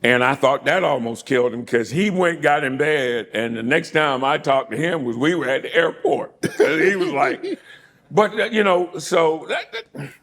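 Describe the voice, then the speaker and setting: A middle-aged man, a former pro football player, reminiscing as an interview guest in a casual, animated way, laughing often and repeating words. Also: on the high side, normal speed, vocal fry.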